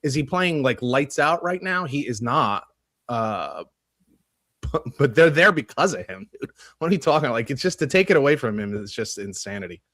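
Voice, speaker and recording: Animated ranting male sports podcaster. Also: mid-range voice, normal speed, no room sound. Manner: animated, ranting, swears casually. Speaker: podcast co-host. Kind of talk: casual sports talk. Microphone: podcast studio mic.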